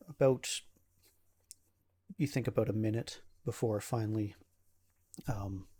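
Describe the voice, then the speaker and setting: A man narrating as game master of a tabletop game, halting and full of fillers. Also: fairly low pitch, breathy edge. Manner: halting, with many fillers and restarts.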